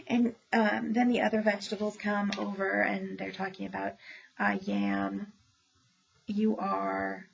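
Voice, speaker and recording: Chatty woman with a gravelly fry. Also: medium pitch, little pitch movement, takes it slowly, dull audio. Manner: chatty, many ums, opinionated asides. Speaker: librarian reviewing new children's books. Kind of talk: casual book review talk.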